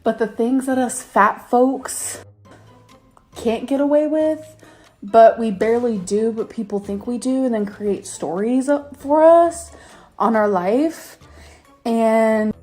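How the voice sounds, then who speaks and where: A woman's voice: a little high, slow pace, darkish tone, soft background music. A woman in her thirties ranting angrily to camera in a vlog, swearing and stressing her words. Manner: angry, profane, emphatic rant. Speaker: YouTuber.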